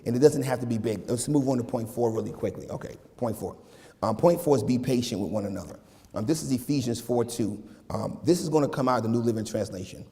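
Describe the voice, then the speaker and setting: A man's voice: medium pitch, quick pace. A male minister preaching a conversational, slang-laced sermon, speaking directly to his congregation in a church sanctuary. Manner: casual, slangy, animated preaching with asides to the congregation. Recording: long hall reverb in a sanctuary.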